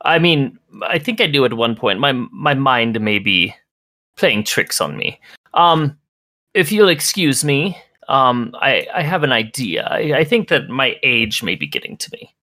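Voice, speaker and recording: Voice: medium pitch, sing-song, a little slow, pushed and bright. A game master voicing an elderly, suspicious woman alchemist who dithers and speaks formally. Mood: confused. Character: elderly wary sharp-tongued woman alchemist.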